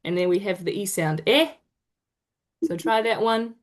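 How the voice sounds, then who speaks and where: A woman's voice: medium pitch, animated. A woman presenting an online pronunciation lesson, encouraging her group and stretching out example sounds. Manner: encouraging, drawn-out demonstration sounds. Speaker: te reo Māori workshop presenter. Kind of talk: online teaching session. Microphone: video call.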